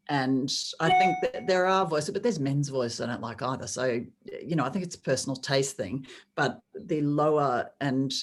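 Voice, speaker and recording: Middle-aged Australian woman, sports commentator, unusually deep voice, measured reflective delivery. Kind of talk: podcast interview.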